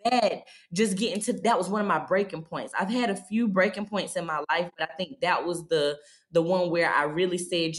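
A woman's voice: lowish voice, normal speed. A woman in her thirties, a podcast guest, telling her own story in a candid, heartfelt way with frequent fillers. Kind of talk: personal storytelling.

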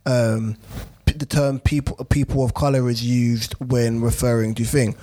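A man's voice: mid-range voice, a little slow. A man co-hosting a casual podcast chat, telling stories with lots of laughter and banter. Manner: animated, laughing, banter-heavy storytelling. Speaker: podcast co-host.

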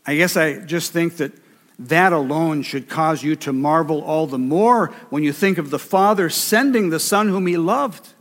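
A man's voice: a little high, moderate pace, fairly bright tone. A man preaching a sermon with emphasis, repeating key phrases for weight. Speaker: pastor. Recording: reverberant hall.

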